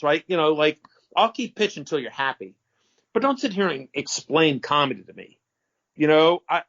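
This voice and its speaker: A middle-aged man telling a story in a casual interview, rambling, restarting sentences and swearing now and then. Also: fairly high pitch. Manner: animated, rambling, self-correcting, profane. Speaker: interview guest. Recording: dull lo-fi audio.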